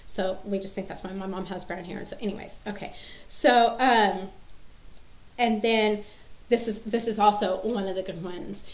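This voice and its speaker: A woman's voice: medium pitch, fairly even intonation, normal speed. Chatty rambling woman in an echoey room. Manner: chatty, rambling, many fillers and restarts. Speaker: mom sharing favorite movie quotes. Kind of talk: casual chat to camera.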